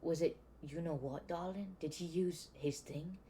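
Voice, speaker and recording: A man voicing a shrill, anxious, fussing middle-aged mother in a storybook reading. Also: fairly even intonation, unhurried, dark tone, slight background noise, lightly acted. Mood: frantic.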